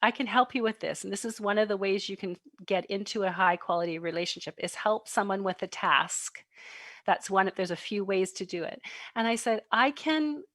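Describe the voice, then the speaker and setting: Her voice is medium-pitched and moderately paced, with no room sound, coming through a computer mic on a home video livestream. This middle-aged woman gives a warm online parenting talk full of personal stories, animated laughter and acted-out quoted voices.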